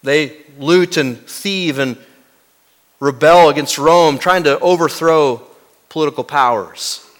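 Pastor delivering a sermon, dramatic, voice falling to a near hush, fairly high-pitched man. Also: slow. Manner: dramatic, swinging from loud to hushed; rhetorical questions to the congregation.

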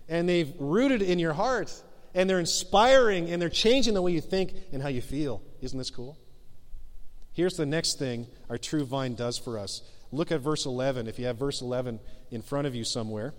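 A middle-aged married man, a pastor giving a conversational sermon, joking at himself and then pressing his point with urging. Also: high-pitched. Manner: conversational, self-deprecating, rises to emphatic exhortation. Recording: long reverb of a large hall.

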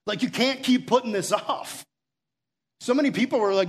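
High-voiced man preaching a sermon. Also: moderate pace. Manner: urgent, conversational preaching with rhetorical questions. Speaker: pastor. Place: room with a gathered audience.

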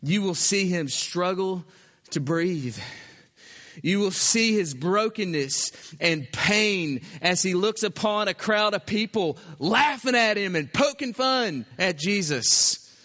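A man preaching a sermon in short, emphatic phrases, at times dropping to a hushed voice. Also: high-pitched, lively intonation, slow. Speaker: pastor. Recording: long hall reverb.

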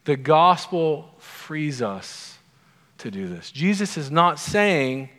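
A man's voice: fairly high pitch, sing-song, slow, fairly bright tone. A man preaching a sermon in a conversational way, putting many questions to his listeners. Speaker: pastor. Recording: long hall reverb.

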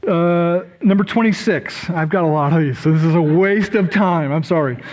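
A man's voice: a little high, moderate pace, darkish tone, poor audio. A middle-aged male pastor preaching a sermon, chatty and self-deprecating, apologizing often and breaking into asides.

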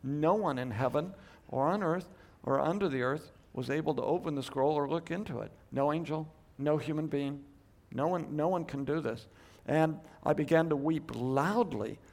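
Bible teacher, a man with a slightly high voice, emphatic, swings from loud stresses to hushed asides, rhetorical questions. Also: vocal fry. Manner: thinks aloud with quick restarts and rhetorical questions. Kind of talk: Bible study lecture.

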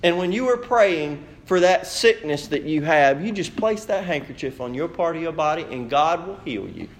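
A man voicing a smooth-talking late-night TV preacher who coaxes viewers in a salesy pitch. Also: lively intonation, normal speed. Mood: coaxing.

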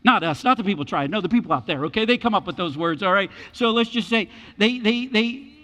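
A man preaching a sermon as pastor, animated and repeating his key words for emphasis. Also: high-pitched, fairly quick, in a large hall.

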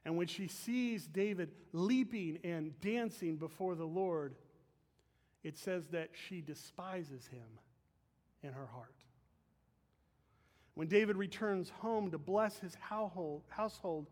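Pastor, male, high-pitched voice, earnest emphatic sermon delivery, church sanctuary with long reverb. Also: takes it slowly, darkish tone. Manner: earnest, emphatic preaching with asides to the congregation. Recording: long reverb of a large hall.

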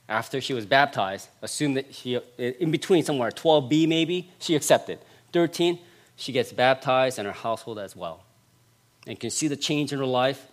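A male pastor delivers a sermon, repeating phrases to drive home his points and shifting between loud stretches and hushed ones. His voice is mid-range.

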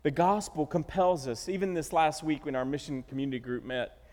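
Animated man preaching in a reverberant hall. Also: on the high side, a little fast. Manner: animated storytelling, acting out quotes. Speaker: pastor. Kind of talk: sermon.

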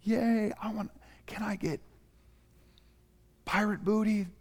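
A man voicing excited little children, squealing and eager as they beg for snacks. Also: high voice, slow, pitched above the performer's own voice, exaggerated voice. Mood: excited, whiny.

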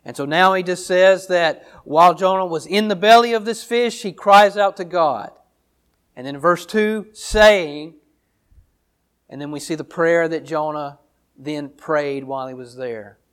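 A man with a notably high-pitched voice delivers a sermon. He reads a passage aloud, then walks his listeners through it verse by verse in an earnest, teacherly way, often circling back over his phrases. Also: measured pace, a bit bright, smooth. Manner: earnest teaching tone, repeats phrases while explaining. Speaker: pastor. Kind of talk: sermon, Bible reading and exposition.

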